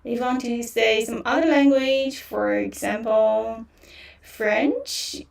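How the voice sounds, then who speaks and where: A woman's voice: fairly high pitch, steady tone, slow pace, vocal fry, far from the mic. A woman teaching beginner on a livestream, patiently repeating words and tones with many fillers; is her language. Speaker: Mandarin teacher.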